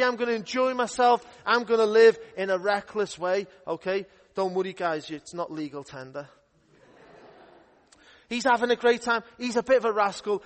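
Young youth minister, playful kids' story voice, pretty high, big echoey church hall. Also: male voice. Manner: playful, upbeat storytelling to children. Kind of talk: children's Bible story talk. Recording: echoey hall with long reverb.

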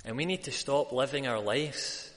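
A man's voice: medium pitch, moderate pace. Man preaching in an echoing hall. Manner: rises to loud emphatic peaks when quoting crowds. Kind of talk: sermon. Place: church.

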